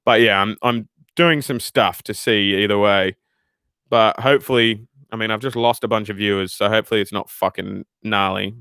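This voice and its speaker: On a livestream, a young Australian host reads chat and drifts into animated, swear-filled rambles between comments. His voice is low-ish and clean-toned at a normal speed, captured at studio quality with no echo.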